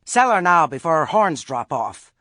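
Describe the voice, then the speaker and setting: A man voicing a flustered rustic farmer who talks loudly and indignantly in an audiobook reading. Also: on the high side, very animated, moderate pace, no room sound, clean studio sound, voice pushed up. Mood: agitated. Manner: loud, agitated and indignant.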